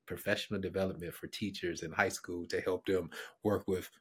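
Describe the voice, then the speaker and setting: A middle-aged man, a guest on a podcast, telling a personal story with animation, acting out the people he quotes and dropping to a hushed whisper at tender moments. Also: low voice, steady tone, a little fast, breathy edge.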